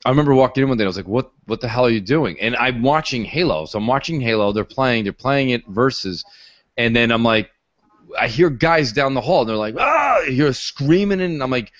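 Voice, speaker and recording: A man in his thirties chats on a podcast. He tells stories excitedly and acts out quotes loudly. The recording is dry and a little dull. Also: medium pitch, a little fast, dry recording. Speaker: podcast panelist. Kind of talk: casual chat. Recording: dull lo-fi sound.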